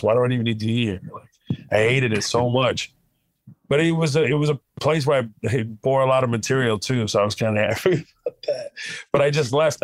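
A man from Kuwait, a comedian guest, telling stories in an animated, casual way full of "like" fillers. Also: medium pitch, dry recording, poor audio. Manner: animated, lots of "like" fillers, chuckles while talking. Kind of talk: conversational storytelling.

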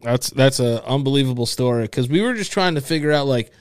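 A man's voice: medium pitch, animated, quick pace, smooth, no room sound. A laid-back man in a medium voice cracks jokes and chats on a podcast. The sound is dry and close, with no room in it. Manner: joking interjections, laid-back. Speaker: podcast co-host. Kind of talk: casual chat.

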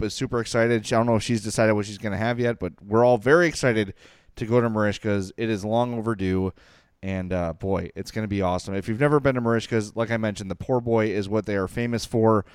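A man co-hosting a sports podcast, talking in an animated, excitable way in casual chat. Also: fairly low pitch, fast talker, clean tone, no room sound, studio quality. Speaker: podcast co-host.

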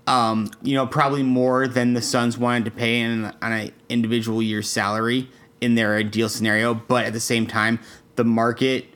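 Measured young man breaking down a deal. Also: medium pitch, little pitch movement, a bit bright. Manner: measured, analytical, with frequent ums and restarts. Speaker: podcast co-host. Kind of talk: casual sports podcast chat.

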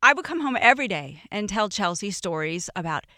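A woman guest on a podcast, telling a personal story in casual chat, animated and prone to trailing off and restarting. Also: mid-range voice, a little fast, dry recording, clean studio sound. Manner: animated, acts out quoted voices.

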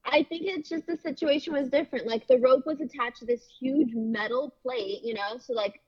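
A woman's voice: sits high, a little mellow. Reassuring young woman, slightly dull sound. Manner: reassuring, laughs often, quick and chatty. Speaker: podcast co-host. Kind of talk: casual chat.

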